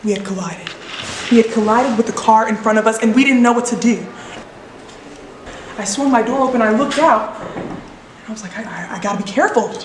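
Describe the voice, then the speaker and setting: A woman tells a comic story in a deadpan, dry-humored voice-over. Her voice sits a little high and carries a roomy echo with a faint hiss. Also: normal speed, long pauses. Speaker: filmmaker narrating her short film.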